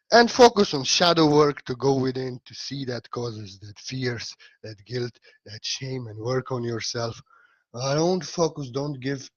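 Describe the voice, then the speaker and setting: A man giving a spiritual talk, speaking softly, slowly and earnestly, with repeated short urgings. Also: mid-range voice, no room sound, highs cut off. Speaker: spiritual teacher.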